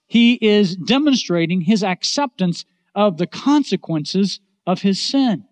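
A man preaching a sermon in an earnest voice, rising to loud emphasis and dropping to hushed, low endings. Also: sing-song, slow pace, dry recording. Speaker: pastor.

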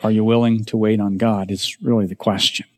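A man preaching a sermon as pastor, emphatic, rising to raised declarations and dropping to hushed asides while speaking directly to his congregation. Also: fairly low pitch, flat delivery, a little fast. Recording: long hall reverb.

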